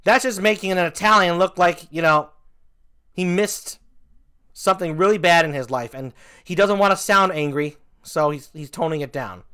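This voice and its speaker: Bright, ranting male comedy vlogger. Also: sits high, moderate pace, smooth. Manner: animated ranting with mock outrage. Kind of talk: comedic commentary.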